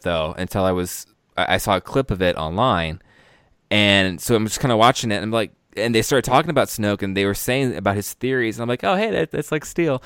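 A man hosts a casual podcast chat with a low, smooth, resonant voice. He rambles cheerfully and corrects himself mid-thought. The sound is close and dry. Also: fairly bright tone, dry recording. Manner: rambling, self-correcting, upbeat. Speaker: podcast host.

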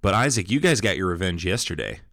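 A man's voice: low voice, sing-song, fast, sharp tone, no echo, studio quality. A man hosting a casual pop culture podcast, talking in an upbeat, chatty, welcoming way. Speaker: podcast host. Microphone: studio microphone.

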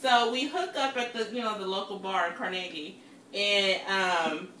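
A woman co-hosting a podcast from her kitchen, telling stories in a casual, animated way, laughing often and swearing freely. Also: medium pitch, normal speed, roomy sound, far from the mic, a little hiss or hum. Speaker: podcast co-host. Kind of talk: casual storytelling chat. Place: home kitchen.

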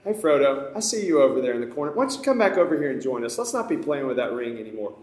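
A man putting on a cheerful, knowing old forest hermit as he retells a story in a sermon, speaking fast and lightly. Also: mid-range voice, lively intonation, darkish tone, roomy sound, close to an everyday voice. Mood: teasing.

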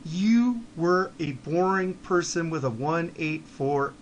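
High-voiced man ranting bluntly. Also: expressive, takes it slowly, slight background noise. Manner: blunt, profane, heated, swings between low muttering and shouting. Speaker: podcast host. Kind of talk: ranting monologue.

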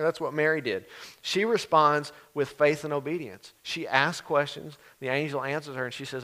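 Conversational pastor preaching. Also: male voice, fairly high pitch, normal speed, sharp tone. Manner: conversational preaching, acts out voices of biblical figures. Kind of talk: sermon.

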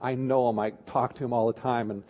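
Pastor preaching in a reverberant hall. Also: male voice, mid-range voice, little pitch movement, brisk, darkish tone. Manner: candid storytelling with frequent restarts. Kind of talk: sermon. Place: church sanctuary. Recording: dull sound with long hall reverb.

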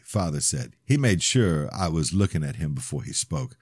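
A man reading his own novel aloud in measured first-person narration. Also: rumbling low, lively intonation, darkish tone, breathy edge, dry recording, clean studio sound. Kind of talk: audiobook narration.

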